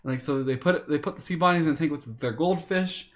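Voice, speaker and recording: A man streaming, retelling a story in a casual, animated way with lots of fillers. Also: a little high, fast talker. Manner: animated retelling, with many fillers and acted quotes.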